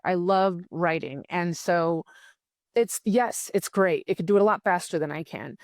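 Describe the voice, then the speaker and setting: Casting note: eager, chatty woman journalist, mid pitch, dry recording. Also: dry recording. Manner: enthusiastic, talkative, many restarts. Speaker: journalist and writer. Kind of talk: casual conversation.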